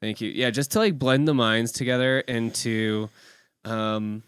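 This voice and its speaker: A man talking shop as a podcast guest, rambling and excitable, tossing in "like" and casual swearing. His voice is smooth and resonant, recorded close and dry with no room sound. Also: mid-range voice, a little slow, no echo. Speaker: guest music producer and DJ.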